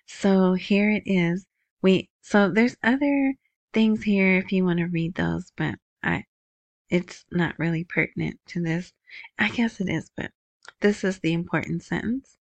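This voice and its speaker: Slow, chatty woman hosting a news show. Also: fairly low pitch, no room sound, highs cut off. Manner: chatty, asks "right?" often, slow and unhurried. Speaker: video host. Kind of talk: casual news commentary.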